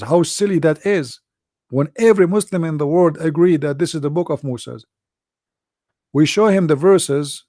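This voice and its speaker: A hoarse man talks through a loose, rambling commentary full of "uh" and "you know". His voice is gravelly and dark. The recording is dry, with no room sound. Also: fairly high pitch, no echo. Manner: animated, repetitive, many fillers and restarts. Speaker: debate show host. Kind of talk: casual commentary monologue.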